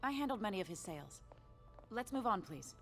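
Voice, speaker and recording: A guarded auction host. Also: female voice, medium pitch, big pitch swings, fairly quick, faint music behind. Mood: formal. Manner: formal and guarded, deflecting questions. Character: evasive female auction house host, polished and nervous. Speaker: game character. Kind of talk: video game voice acting.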